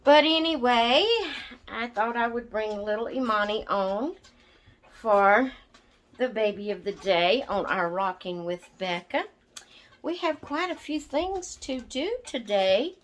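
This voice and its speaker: A woman with a fairly high voice and lively intonation runs a doll channel. She talks to the camera in a slow, chatty way, a little winded from asthma and prone to wandering off topic.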